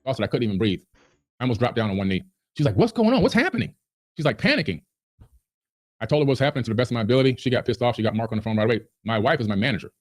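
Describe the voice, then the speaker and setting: A man's voice: on the low side, racing, darkish tone. A man on a podcast, ranting in a heated, indignant way. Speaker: podcast guest. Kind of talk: agitated podcast rant.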